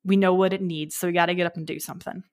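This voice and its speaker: A woman's voice: lowish voice, steady tone, rapid-fire, darkish tone. A young woman co-hosting a casual podcast chat, upbeat and jokey, laughing often. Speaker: podcast co-host.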